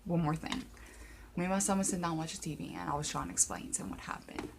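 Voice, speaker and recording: A young woman vlogger telling a personal story, emotional and halting, close to tears, with many fillers and restarts. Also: deep voice, very animated, vocal fry, background noise. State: tearful, near crying. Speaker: paranormal vlogger.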